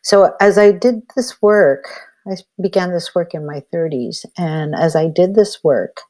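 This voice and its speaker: A woman's voice: fairly low pitch, unhurried, warm tone. An older woman, a healer and elder, telling a personal story in a reflective, conversational way with frequent "you know" fillers.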